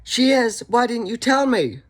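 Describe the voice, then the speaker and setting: A man's voice: very high-pitched, very animated, measured pace, pitched above the performer's own voice, heavily acted. A man mocking a dismissive male elf lord in a whiny, exaggerated voice during a casual review.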